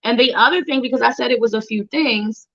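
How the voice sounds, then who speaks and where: Her voice sits on the high side, fairly quick and fairly bright, as this woman reads tarot on a live show. She's chatty and playful, greeting viewers by name, and hums and sings bits of tunes while she shuffles. The recording is dull lo-fi livestream audio.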